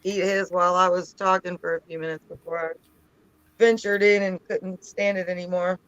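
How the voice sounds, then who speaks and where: A woman's voice: fairly low pitch, level tone, normal speed, no room sound, lo-fi sound. A woman co-hosting a casual paranormal livestream, chatty and talking while she eats. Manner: chatty, talks while eating.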